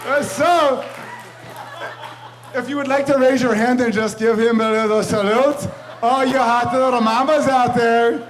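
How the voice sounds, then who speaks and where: Brash high-voiced man roasting at a party. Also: fairly even intonation, unhurried, low-quality recording. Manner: brash, rambling, laughing between jokes. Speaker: toast giver at a club party. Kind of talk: joking roast toast. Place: banquet room with guests. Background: crowd laughing.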